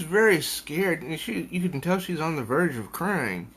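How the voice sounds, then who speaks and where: Slow-talking man reviewing comics. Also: fairly high pitch, expressive, fairly bright tone, slightly rough. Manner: unhurried, musing, with hesitations. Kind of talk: casual comic review, reading aloud.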